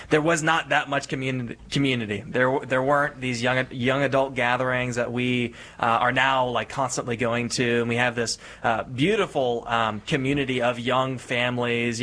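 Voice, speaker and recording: A man's voice: mid-range voice, fairly bright tone. A married man from Oklahoma, a studio guest, talking casually on air with many restarts and fillers. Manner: halting, repeats words, many fillers. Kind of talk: casual panel talk.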